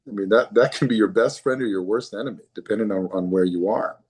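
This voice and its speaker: Low husky-voiced man, earnest. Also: fast, a little mellow. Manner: earnest, repeats words when starting sentences. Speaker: guest physician. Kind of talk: conversational interview.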